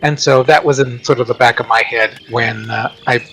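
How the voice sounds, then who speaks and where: Relaxed man explaining his build. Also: mid-range voice, moderate pace, slight background noise, rough recording. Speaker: guest builder. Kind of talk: casual chat explaining a build.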